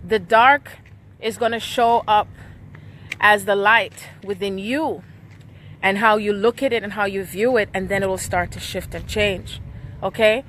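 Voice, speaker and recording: A woman's voice: mid-range voice, fairly bright tone, slight background noise. A woman giving an emotional live-streamed spiritual reading, often checking in with "okay?". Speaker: spiritual reader.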